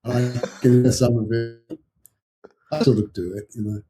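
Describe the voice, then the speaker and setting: A man's voice: medium pitch, fairly even intonation, normal speed, dark tone, faint music behind. An older English man, an author guest, telling rambling anecdotes in casual chat with chuckling asides.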